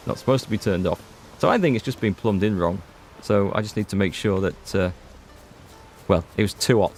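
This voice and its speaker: A gaming streamer with a Northern Irish accent chats his way through a let's-play, rambling and cutting himself off as he goes. His voice is fairly low, faint game music plays behind him, and there's slight background noise.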